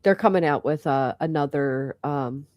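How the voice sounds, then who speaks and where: A woman's voice: low-pitched, normal speed, darkish tone, no room sound, studio quality. A woman chatting casually on a livestream, rambling and heartfelt as she thanks her host. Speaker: livestream guest.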